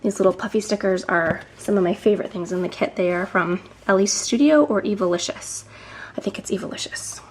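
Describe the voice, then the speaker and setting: Woman in her thirties, a touch breathless, chatty crafting vlogger voice with ums and soft asides, mid pitch. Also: brisk, hardly any pauses, a little hiss or hum. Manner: chatty, with frequent ums and some whispered asides. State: slightly out of breath. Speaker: scrapbooking vlogger. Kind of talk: casual show-and-tell narration.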